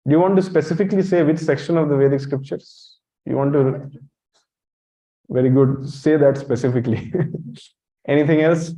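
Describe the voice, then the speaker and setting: A man's voice: fairly high pitch, steady tone, normal speed, long pauses, mellow. A man giving a temple lecture, blunt and teasing, quizzing his audience and calling on listeners directly. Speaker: monk lecturer. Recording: dull lo-fi recording.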